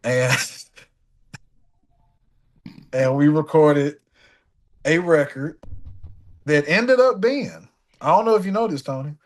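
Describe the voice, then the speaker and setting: A young man spins a studio anecdote in relaxed conversation. He is animated and slips into other people's voices to act out the scene. His voice sits a little on the high side. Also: slow pace, long pauses, a little hiss or hum. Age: young adult. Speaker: guest musician. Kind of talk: casual storytelling in a sit-down conversation.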